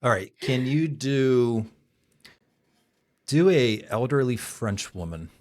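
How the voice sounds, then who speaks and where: A man's voice: medium pitch, lively intonation, takes it slowly. A man hosting a podcast interview, playful and teasing. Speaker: podcast host.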